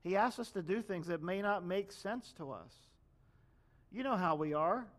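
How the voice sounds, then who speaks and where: Male pastor, higher-pitched voice, chatty preaching style that slips into quoted voices. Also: animated, moderate pace. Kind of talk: sermon.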